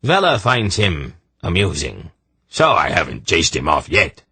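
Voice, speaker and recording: A man voicing a coarse, blunt male merchant who speaks gruffly and plainly. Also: low-pitched, wildly swooping pitch, measured pace, sharp tone, no echo, exaggerated voice.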